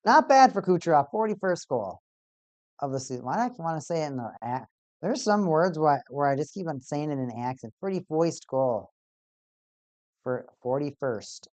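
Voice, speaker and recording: A streamer casually commenting on a live hockey game for a watch party, getting excitable over goals and repeating stats aloud. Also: medium pitch, quick pace, dry recording. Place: home streaming setup.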